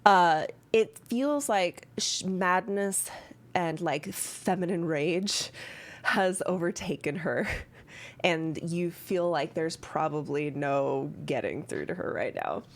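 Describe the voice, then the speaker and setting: A woman running a tabletop game as dungeon master, lively and chatty, breaking into laughs. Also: on the low side, slow.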